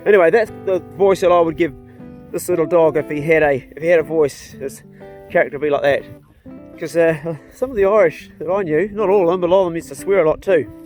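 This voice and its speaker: A man's voice: a little high, fast, a little mellow, faint music behind. A middle-aged man from New Zealand chatting casually outdoors on his farm, folksy and rambling, talking to his dogs. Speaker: vlogger and hunter. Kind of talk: casual outdoor vlog chat.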